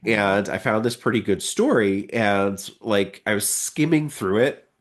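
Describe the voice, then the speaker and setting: A young adult man chatting on a podcast with a fairly low voice. He talks in a relaxed, loose way, circling back on his sentences as he explains. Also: a little slow. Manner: relaxed, rambling explanations with restarts. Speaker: podcast co-host. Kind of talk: casual conversation.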